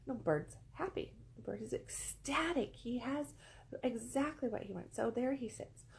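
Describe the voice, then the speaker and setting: A woman's voice: fairly high pitch, moderate pace, vocal fry, slight background noise, rough recording. A woman vlogger telling a casual, rambling story, repeating phrases for emphasis, settled among pillows indoors.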